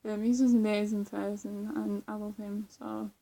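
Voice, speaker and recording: A woman's voice: medium pitch, little pitch movement, moderate pace, gravelly, warm tone. A young woman chatting casually in a vlog, rambling with lots of fillers, restarts and giggles. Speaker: vlogger. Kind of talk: casual chat.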